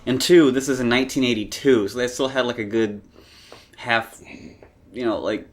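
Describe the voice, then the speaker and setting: A man's voice: mid-range voice, steady tone, normal speed. A man co-hosting a casual album podcast, talking in a rambling, hesitant way. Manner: rambling, hesitant, many fillers. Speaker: podcast co-host. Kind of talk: casual chat about music.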